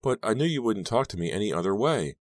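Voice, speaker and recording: A man's voice: lowish voice, very animated, fast talker, no room sound, pitched above the performer's own voice. A man reading an audiobook, voicing a pushy, creepy teenage boy who teases in a sing-song way. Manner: sing-song teasing, pleading.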